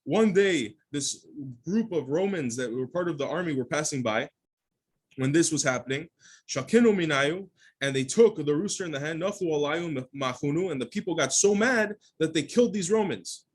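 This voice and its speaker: A man's voice: on the high side, lively intonation, normal speed, breathy edge. A man, a rabbi, teaches a daily Talmud class, reading each Aramaic phrase and then explaining it in English, often restarting mid-sentence.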